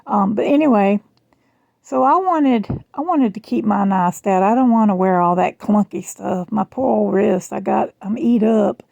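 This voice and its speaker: A middle-aged woman with a Southern US accent, rambling chattily in a casual vlog, her voice strained and rough. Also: medium pitch, moderate pace, darkish tone, dry recording, dull audio. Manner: chatty, rambling, self-deprecating. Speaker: jewelry vlogger. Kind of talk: casual chat. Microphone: phone camera.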